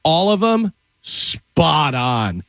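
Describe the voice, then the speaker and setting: Male radio co-host, mid-pitched, easygoing and teasing, dry studio sound. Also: big pitch swings, extremely slow, a bit bright, dry recording. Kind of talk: casual on-air banter.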